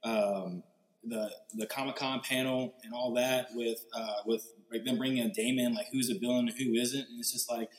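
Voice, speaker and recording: A man's voice: mid-range voice, fairly even intonation, normal speed. Laid-back man in a roomy echo. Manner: laughing along, hesitant restarts, slangy. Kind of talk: casual chat.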